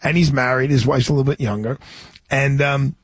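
A man's voice: medium pitch, steady tone, a little fast, slightly rough. A man in his sixties hosting a radio talk show, telling a rambling story full of restarts and asides.

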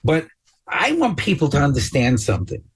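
A man co-hosting a radio talk show, bantering and teasing his partner with quick joking asides. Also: fairly high pitch, wildly swooping pitch, slightly rough.

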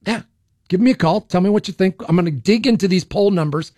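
A man's voice: high-pitched, fast talker, a little mellow, no echo, studio quality. A man hosting a political talk radio show, speaking in an opinionated way and often repeating words as he starts a sentence. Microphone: studio microphone.

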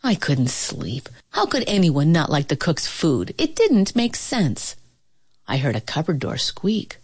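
A woman reading a children's storybook aloud in an expressive, playful way, slowing down for effect. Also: sits low, slightly rough.

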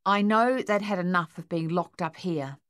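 Woman voicing a defiant teenage boy in a storybook, low pitch, sulky. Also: moderate pace, fairly bright tone, dry recording, clean studio sound, lightly acted. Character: sullen defiant teenage boy locked in room.

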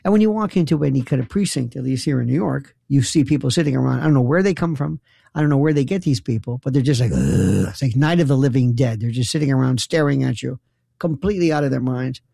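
A man's voice: medium pitch, fast, gravelly, warm tone, breathy edge, no room sound, clean studio sound. A middle-aged man hosting a talk show, telling a comedic story in a sarcastic, incredulous way that rambles and restarts.

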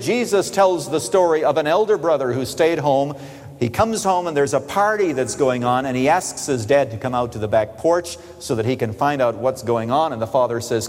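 Animated male preacher in a reverberant hall. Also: mid-range voice, normal speed. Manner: animated preaching, rising loud on key phrases and dropping soft. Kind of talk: sermon.

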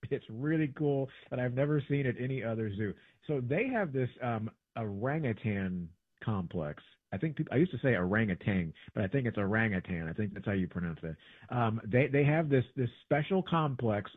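A man in casual conversation, rambling along with plenty of ums and false starts and getting animated when something excites him. His voice sits at an ordinary pitch. It comes through a narrow, phone-like line with no room echo. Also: husky. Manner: rambling, animated, many fillers and restarts. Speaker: podcast co-host. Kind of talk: casual travel chat. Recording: dry, tinny phone-like sound.

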